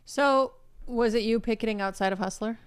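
A woman's voice: a little high, brisk, clear, resonant tone, dry recording, clean studio sound. A young woman co-hosting a talk show, asking pointed questions in a teasing, casual way. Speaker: podcast co-host. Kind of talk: casual conversation.

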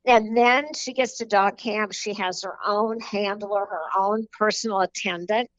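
A woman author chats in a loose, rambling way, full of fillers and small laughs. Her voice sits at a middle pitch. The recording is dull and dry, with little room sound. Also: steady tone, a little slow, a bit bright, no echo. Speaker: children's book author. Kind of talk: casual interview talk.

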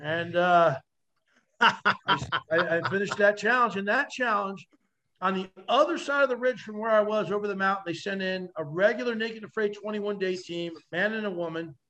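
A man guesting on a podcast, telling animated stories with vivid, salty language and acting out the voices of others. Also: high-pitched, normal speed. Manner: vivid, acts out quoted voices, swears freely. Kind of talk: animated storytelling.

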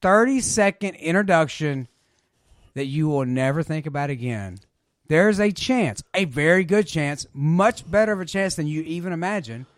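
Male podcast guest, slightly high voice, dry close sound, earnest and reflective. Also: expressive, normal speed, no echo. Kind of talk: casual heartfelt conversation.

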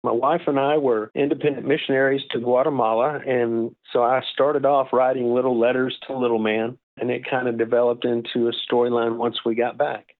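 An older man speaks over a tinny, phone-like line at a middling pitch. He answers interview questions in a relaxed, gentle, explanatory way. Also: brisk, few pauses. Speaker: guest author.

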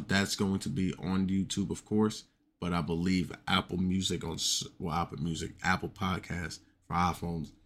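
A man hosting his own podcast, talking loosely and rambling, with lots of "you know". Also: low-pitched. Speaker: podcast host. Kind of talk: casual solo podcast talk.

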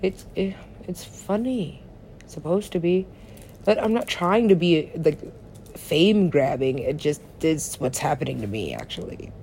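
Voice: medium pitch, animated, unhurried, vocal fry, darkish tone, slight background noise. A person rambling through a solo monologue, swearing often, laughing and talking to themselves. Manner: meandering, profane, laughs often, talks to self.

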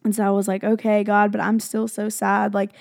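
A young woman chats to her viewers, retelling a personal faith story with lots of fillers and plenty of feeling. Her voice is mellow and warm, with a gravelly fry running through it. The sound is close and dry. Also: mid-range voice, monotone, a little fast, no room sound. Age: young adult. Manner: chatty, heavy filler "like", emotional retelling. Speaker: vlogger. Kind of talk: casual faith storytelling to camera.

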